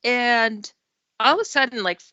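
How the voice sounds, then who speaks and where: Animated, bright-voiced woman guest. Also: a little high, unhurried, dry recording, dull audio. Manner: animated, acts out quotes, laughs often. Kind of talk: casual storytelling chat.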